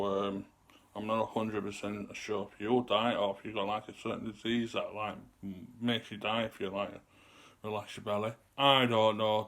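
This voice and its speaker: With a lowish, slightly bright voice, a man in his 30s vlogs, chatting loosely and rambling to camera. Occasionally he gets out of breath.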